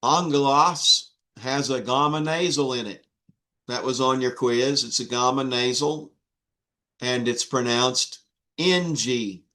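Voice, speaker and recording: Male instructor, unhurried and halting, drilling students on letters. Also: mid-range voice, sharp tone. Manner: slow, patient, with many fillers and restarts. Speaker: Greek instructor. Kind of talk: online class teaching.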